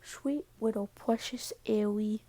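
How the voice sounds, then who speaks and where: A woman's voice: medium pitch, fairly even intonation, slow pace, mellow, slight background noise. A tired woman casually retelling a fan story, rambling with "so" and "yeah" as she goes.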